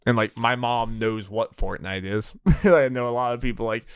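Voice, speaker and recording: A man's voice: mid-range voice, fairly even intonation, moderate pace, clear, resonant tone, dry recording, studio quality. A man co-hosting a gaming podcast, talking in a rambling, casual way with lots of "like"s and restarts. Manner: rambling, filler-heavy with many "like"s and restarts. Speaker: podcast co-host. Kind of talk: casual chat.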